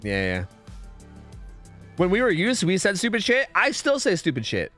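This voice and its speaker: A man's voice: high-pitched, huge pitch swings, normal speed, a bit bright, soft background music. A man streaming a game, chatting casually with viewers, rambling and swearing, saying dude a lot. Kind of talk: casual chat with chat while gaming.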